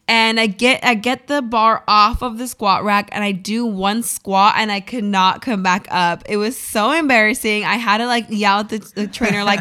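A woman's voice: medium pitch, normal speed, few pauses, clear, resonant tone. Chatty woman radio co-host. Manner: chatty, animated storytelling with many fillers. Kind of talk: casual chat. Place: radio studio.

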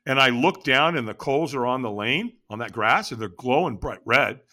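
Man, interview guest, dramatic storyteller, very lively pitch, bright tone. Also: normal speed. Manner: animated, dramatic retelling.

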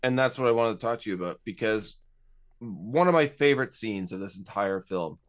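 A man's voice: on the low side, animated, brisk. Easygoing man chatting on a podcast. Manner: easygoing, laughs along, steers the talk. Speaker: podcast co-host. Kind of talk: casual podcast chat.

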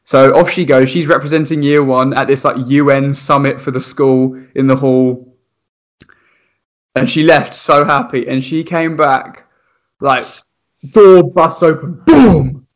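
A young man, a primary school teacher, telling funny stories in casual chat, animated and laughing, acting out voices. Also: mid-range voice, measured pace. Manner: animated, laughing, acts out voices in his anecdotes.

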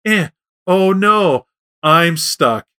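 A man's voice: sits high, expressive, drawn-out words, pushed and bright, smooth, pitched above the performer's own voice, exaggerated voice. A man voicing a very young, stubborn male worm in a spoken folk tale, whiny and petulant.

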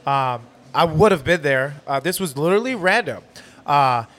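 A man in his thirties hosting a casual podcast chat at a bar, animated and motivational, leaning on the word literally. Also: a little high, normal speed. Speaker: podcast host.

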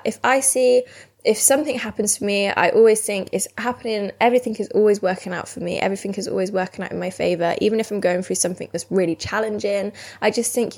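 A woman's voice: medium pitch, fairly even intonation, quick pace, a little mellow. A young woman, chatting casually and rambling with lots of "like" fillers. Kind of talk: casual chat.

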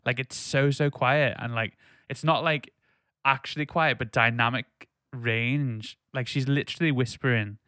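Bright, clear-voiced man chatting casually. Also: medium pitch, fairly even intonation, normal speed, dry recording, studio quality. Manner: chatty, many fillers and restarts. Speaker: podcast co-host. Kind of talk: casual podcast chat.

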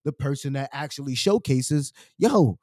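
A man's voice: medium pitch, animated, normal speed, a little mellow, no echo, studio quality. A young man with a New York accent, telling a story in casual podcast chat, slangy and profane, acting out quotes. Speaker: podcast host.

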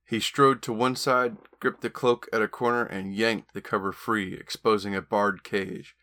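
A man, an author and podcast host, reading his own novel aloud with steady storytelling. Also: on the low side, normal speed. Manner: steady storytelling with occasional stumbles.

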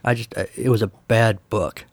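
A man's voice: on the low side, fairly even intonation, moderate pace, gravelly, no room sound. A man hosting a podcast, talking casually in a wry, sarcastic way. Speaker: podcast host. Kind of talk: casual solo commentary.

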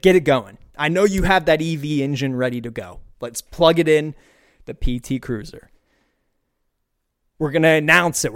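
A young American man in his twenties hosting a podcast, ranting in a casual, comedic monologue, animated and profane with quick bursts of enthusiasm. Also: on the high side. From United States. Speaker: podcast host.

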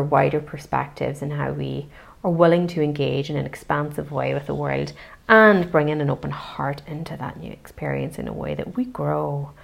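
A woman hosting a self-help podcast, talking in a gentle, searching way with many pauses and soft hedges. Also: deep voice, gravelly. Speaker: podcast host. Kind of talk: reflective self-help monologue.

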